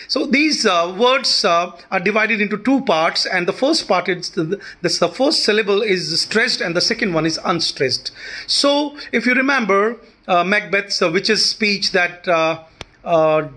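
A man, teaching a short lecture on poetry and pausing often with fillers. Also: high voice, expressive, pushed and bright. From India. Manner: explanatory, many fillers and restarts.

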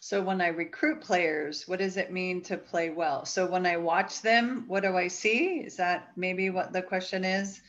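A woman's voice: on the low side, steady tone, unhurried, hardly any pauses, muffled recording. A woman in her fifties, a volleyball coach, chatting reflectively as an interview guest with frequent fillers, heard over a video call. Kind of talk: casual interview talk.

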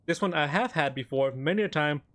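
Excitable high-voiced young man gaming. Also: fairly quick. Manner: excitable, joking, talks while eating. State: mouth full of cookie. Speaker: gaming YouTuber. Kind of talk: casual gameplay commentary.

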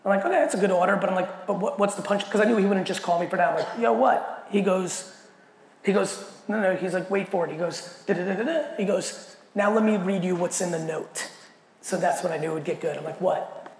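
A man gives an animated, profane keynote on stage, with a high, gravelly voice. His voice carries a long hall echo over faint background noise. He acts out every quoted line as he tells his story. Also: a little fast. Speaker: keynote speaker. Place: large event hall.

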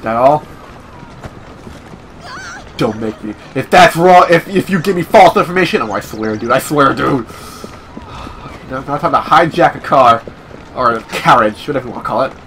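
A man's voice: animated, normal speed, long pauses, fairly bright tone, a little hiss or hum. Playful young man commentating a game. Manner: joking and playful, with sudden high yelps. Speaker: gameplay commentator. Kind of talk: casual let's-play commentary.

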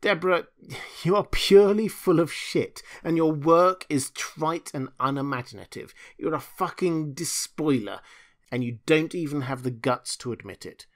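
A man voicing a belligerent, sneering man who shouts in an audiobook. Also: a little high, animated, moderate pace, pitched above the performer's own voice, close to an everyday voice. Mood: furious. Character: bitter, belligerent young man. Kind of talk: audiobook dialogue.

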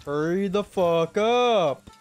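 A young man with a high voice, playing a co-op game and trading dry, crude trash talk with his partner. His jabs come out flat and offhand, with faint music behind. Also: takes it slowly, smooth. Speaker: co-host of gaming commentary. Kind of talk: casual co-op gameplay commentary.

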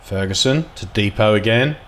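A man giving casual, excitable commentary while playing a football management game, dropping to mutters and jumping to loud outbursts. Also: lowish voice, normal speed. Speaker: gaming video host.

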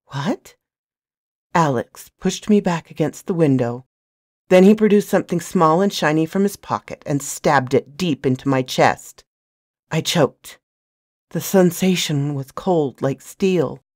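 A woman with a low, expressive voice reads a novel aloud in the first person. She keeps a soft, hushed delivery and takes her time. The recording is dry and close to the mic. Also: a little slow, dry recording. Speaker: storyteller.

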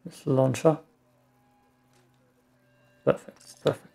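A man's voice: mid-range voice, slow, gravelly, mellow. A man mutters casual gameplay commentary to himself while he plays, with some mild swearing. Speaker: gaming streamer.

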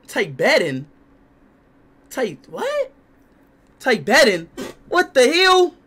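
Young male streamer, loud and excitable, slangy shouted reactions, lively swings. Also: extremely high pitch, slow pace, pauses often. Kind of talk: loud reactive livestream commentary.

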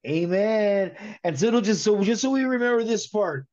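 A man giving an emotional conversion testimony in casual chat, animated and slangy, telling his story in the present tense. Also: high voice, moderate pace, dull audio.

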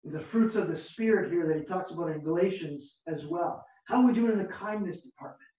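A pastor preaching a sermon slowly and emphatically, repeating key words and asking the listeners rhetorical questions. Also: medium pitch, mellow. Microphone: video call, far from the mic. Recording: very echoey, distant, dull lo-fi video call audio.

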